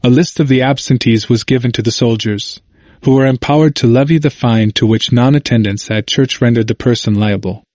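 A man reading a history book aloud as a narrator, in a measured, steady way. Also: mid-range voice, no echo, studio quality.

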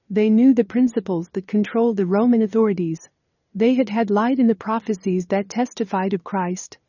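Woman narrator, mellow dark tone, steady measured reading, dull lo-fi dry recording. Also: mid-range voice, dry recording. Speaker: audiobook reader. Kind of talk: scripted narration of a religious text.

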